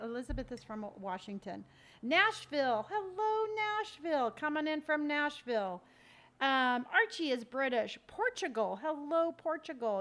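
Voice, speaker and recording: A woman's voice: high-pitched, a bit bright. A woman from Southern California streaming a game live, chatting upbeat and reading out viewers' comments.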